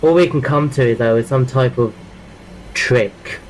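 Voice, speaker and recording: A man's voice: mid-range voice, a little slow, a little hiss or hum, poor audio. A man narrating a horror story in the first person, reading plainly with frequent restarts and repeated words.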